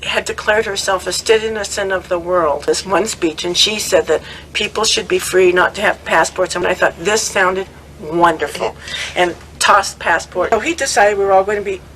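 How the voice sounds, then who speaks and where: Older lady chatting, animated storyteller, a bit of hiss behind her. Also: medium pitch, moderate pace, low-quality recording. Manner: lively, laughs often, quotes others in animated voices. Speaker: devotee recounting memories. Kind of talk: conversational storytelling.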